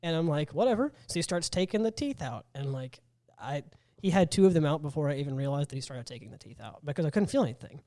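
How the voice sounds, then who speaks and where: Fast-talking young man, sore jaw. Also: a little high, expressive, warm tone, no room sound, studio quality. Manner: rambling storyteller, acts out quotes. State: sore jaw after wisdom teeth removal. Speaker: podcast co-host. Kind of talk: casual chat.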